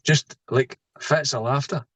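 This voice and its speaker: A man's voice: medium pitch, fairly even intonation, unhurried, a bit bright, no echo, poor audio. A middle-aged Scottish man, a podcast guest, telling a personal story in a rambling way, often tagging lines with "right?". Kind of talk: casual storytelling.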